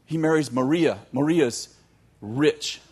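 Animated man telling a story to a crowd. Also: on the high side, slow pace, breathy edge. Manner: animated, joking asides to the audience. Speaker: youth teacher. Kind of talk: storytelling sermon.

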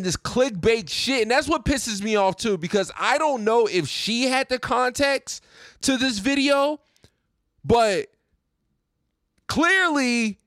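A man's voice: extremely high pitch, a bit bright, no echo, clean studio sound. A young man hosting his own podcast, ranting casually and profanely, often repeating himself. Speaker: podcast host. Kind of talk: casual rant.

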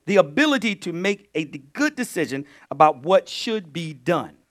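Pastor, male, high-voiced and highly animated, preaching a sermon with loud peaks and low asides. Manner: call-and-response preaching, swings between loud bursts and low asides.

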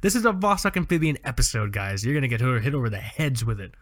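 A man co-hosting a casual podcast, telling animated stories with plenty of swearing and feeling wired from coffee. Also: mid-range voice, fast talker. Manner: animated, profane storytelling. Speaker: podcast co-host. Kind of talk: casual chat.

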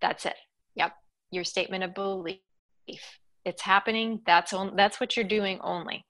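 A woman guiding listeners step by step through a tapping exercise, pausing often with a reassuring "okay". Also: medium pitch, steady tone, fairly bright tone. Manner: slow, step-by-step coaching with frequent "okay". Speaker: guest teacher. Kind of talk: guided tapping instruction.

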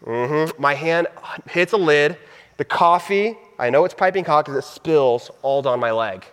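A man's voice: a little high, measured pace, a bit bright, clear, resonant tone. A man in his thirties, a pastor telling a personal story in a sermon, casual and heartfelt with laughing asides. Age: 30s. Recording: long reverb of a hall.

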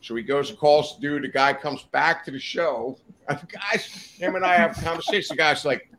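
A man's voice: fairly high pitch, brisk, fairly bright tone, slight background noise. A man guest on a casual podcast, telling profane, rowdy anecdotes and acting out the quotes. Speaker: podcast guest, reptile breeder. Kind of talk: casual storytelling chat.

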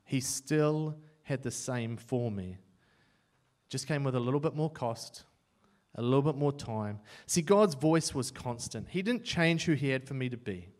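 A young Kiwi preacher speaks at a measured pace in an animated, mid-range voice. Telling his own story with humour at his own expense, he swings between loud and quiet as he gives voice to his thoughts.

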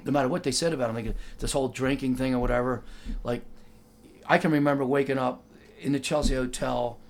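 An older man with a medium-pitched, steady voice and a fairly quick delivery recalls his time working as a driver. His casual, rambling anecdote is full of "like" and "you know," and he acts out the other voices in the story.

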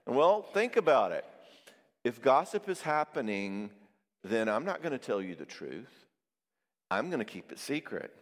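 A man's voice: medium pitch, big pitch swings, measured pace, in a large hall. A man preaching in a loose, conversational way, acting out the quoted voices of people he describes. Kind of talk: sermon.

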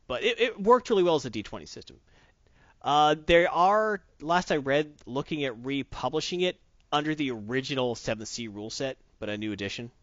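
A man's voice: medium pitch, fairly bright tone, no echo. Casual co-host, man; eager and rambling, full of restarts; dull, dry audio. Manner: enthusiastic, rambling with many restarts. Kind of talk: casual chat about tabletop games.

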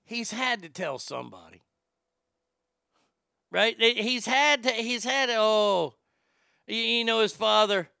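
A man's voice: high-pitched, animated, slow, gravelly, pauses often, pushed and bright, clear, resonant tone, dry recording, clean studio sound. A man hosting a comedy podcast, rambling and joking crudely, often stammering and repeating words. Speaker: podcast host.

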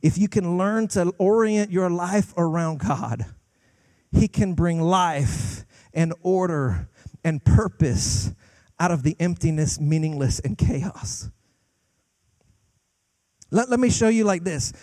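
Guest pastor, young man, high-pitched, emphatic sermon delivery, trips over his openings, close dry sound. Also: darkish tone, no room sound. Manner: emphatic, swings from fast bursts to slow drawn-out lines; repeats words when starting sentences.

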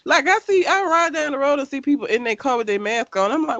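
A woman with a lively, swooping voice chats casually and laughs freely. She reacts fast with blunt, profane quips, and her voice sounds close and dry with no room echo. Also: on the high side, highs cut off. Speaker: podcast co-host. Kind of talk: casual chat.

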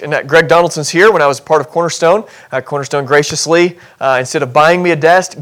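A male pastor with a high voice delivers a lively sermon in a church. He talks with humor and jumps into quick acted scenes to make his point. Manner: animated, acts out voices in scenarios, self-deprecating humor.

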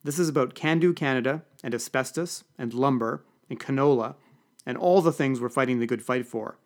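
A man voicing a bossy, loud male political staffer who talks in brisk, commanding bursts. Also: mid-range voice, close to an everyday voice.

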